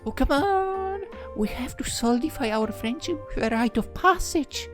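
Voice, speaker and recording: A man doing a loud, hot-headed young woman. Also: moderate pace, faint music behind. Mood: teasing. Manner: loud, high-pitched, teasing and excitable. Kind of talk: audio drama reading.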